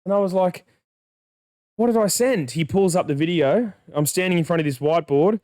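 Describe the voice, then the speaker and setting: A man's voice: fairly high pitch, quick pace, darkish tone, no echo, clean studio sound. A young man, a podcast co-host, telling a long story in casual chat, acting out the dialogue and swearing freely.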